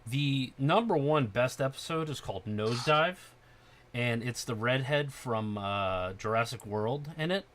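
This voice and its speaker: Male podcast host, casual and excitable, cursing freely, bright edge to the voice. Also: medium pitch, measured pace. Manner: excited, profane, loud when acting out scenes. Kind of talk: casual chat.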